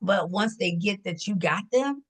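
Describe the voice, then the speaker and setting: A middle-aged woman from Washington D.C. talks shop as a stylist in a relaxed interview. She tells her stories with energy, laughs often and slips into the voices of the people she describes. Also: mid-range voice, unhurried. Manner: animated, laughs often, acts out quoted voices. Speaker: hair and image stylist. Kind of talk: casual storytelling in an interview.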